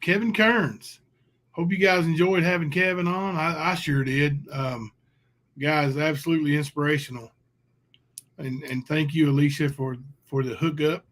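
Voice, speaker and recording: Easygoing male host, slightly high. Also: fairly even intonation, moderate pace, a bit bright. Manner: easygoing, agreeable, lots of fillers. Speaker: show host. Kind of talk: casual interview chat.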